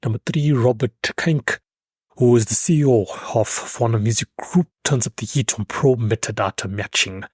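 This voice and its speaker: Man, podcast host, husky voice, dry close mic, emphatic, fillers. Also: mid-range voice, moderate pace, dry recording. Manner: loose, emphatic, with frequent fillers and restarts. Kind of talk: solo podcast commentary.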